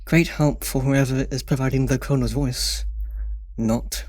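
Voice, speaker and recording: A man's voice: mid-range voice, darkish tone, no echo. A man reading a screenplay's scene directions aloud in a dry, matter-of-fact way. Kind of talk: scripted narration of scene directions.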